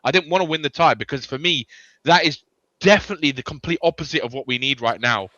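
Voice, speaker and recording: A man's voice: on the high side, fast, pushed and bright, dry recording. Stammering man on dull lo-fi audio. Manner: hesitant, stammering restarts. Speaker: panel guest. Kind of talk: casual chat on a call.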